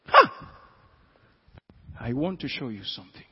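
A man with a Ghanaian accent, a pastor preaching a sermon who swings from quiet asides to loud, drawn-out emphasis. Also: a little high, breathy edge. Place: church hall. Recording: echoey hall, dull lo-fi sound.

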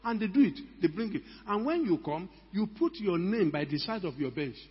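Older husky-voiced pastor preaching in a hall. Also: male voice, sits high, expressive, a little fast. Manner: emphatic, rhetorical questions to the congregation. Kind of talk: sermon. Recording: echoey hall, dull lo-fi sound.

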